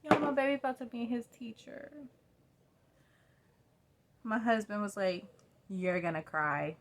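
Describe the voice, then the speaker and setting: A woman's voice: on the high side, unhurried, noisy background. A young woman, chatting and rambling casually while doing her makeup at home, filmed on a phone. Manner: chatty, rambling, self-deprecating. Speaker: vlogger. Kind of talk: casual get-ready-with-me chat. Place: at home by a mirror.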